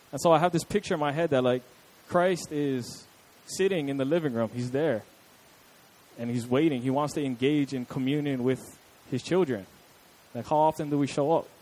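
A man's voice: medium pitch, darkish tone, low-quality recording. A young adult man preaching a casual, conversational sermon with chatty asides to his listeners.

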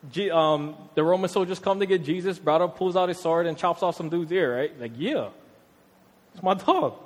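A young man from Hawaii, preaching a casual, slang-filled sermon in a conversational, animated way. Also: fairly high pitch, fairly quick. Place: church hall. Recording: long hall reverb.

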